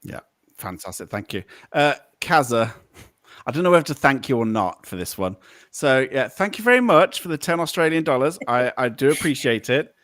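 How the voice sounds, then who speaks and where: A man's voice: mid-range voice, expressive, normal speed, a bit bright, no room sound, clean studio sound. A man hosting a podcast, joking and swearing through laughs and thanking his guest in a loose, bantering way. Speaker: podcast host. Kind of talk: casual podcast interview.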